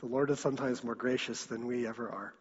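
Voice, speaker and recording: A man's voice: mid-range voice, fairly even intonation, fast. A man preaching a sermon as a pastor, earnest, often repeating a word as he presses a point. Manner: earnest, repeats words when stressing a point. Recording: dull, lo-fi sound in a long-echo hall.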